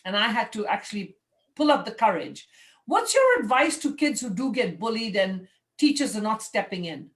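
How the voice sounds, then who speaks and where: A woman's voice: on the high side, big pitch swings, moderate pace. A woman from Kenya hosting a radio interview, chatty and encouraging. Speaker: radio host. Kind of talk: casual interview chat.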